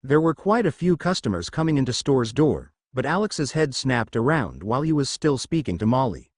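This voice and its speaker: Dry, lively male story narrator. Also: mid-range voice, moderate pace, no room sound. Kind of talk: scripted fan fiction narration.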